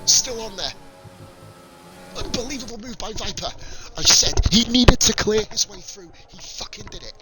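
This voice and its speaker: A man giving live, sweary, excitable commentary on a sim-racing league, chatting with his viewers between calls. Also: sits high, moderate pace, music in the background.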